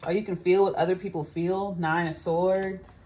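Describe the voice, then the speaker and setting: A woman's voice: on the low side, fairly even intonation, moderate pace, a little mellow. A woman giving a casual tarot reading to her viewers, musing aloud and often saying "I feel like". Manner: chatty, musing, frequent "I feel like". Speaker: tarot reader. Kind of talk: casual psychic reading to camera.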